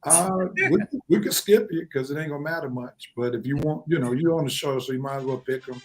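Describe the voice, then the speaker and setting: A man's voice: mid-range voice, fast, a little mellow, a little hiss or hum. A man hosting a casual sports talk show, speaking with emphatic, preacher-like delivery. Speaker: show host.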